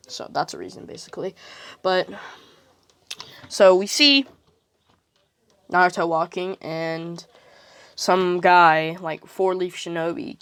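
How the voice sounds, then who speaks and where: A woman casually retelling a fan what-if story, rambling with fillers and "like". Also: fairly low pitch.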